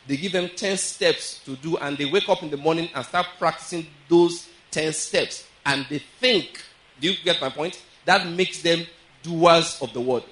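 Slightly high-voiced male preacher. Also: a bit bright, rough recording. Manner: checks in often with the listeners; reads scripture aloud slowly with stress. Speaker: pastor. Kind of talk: sermon.

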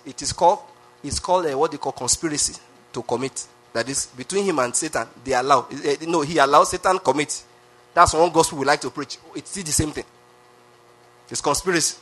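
A Nigerian-accented pastor preaching a sermon with emphatic repetition, often asking the congregation questions. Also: male voice, sits high, a bit bright, husky. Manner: emphatic, repeats phrases, asks the crowd questions.

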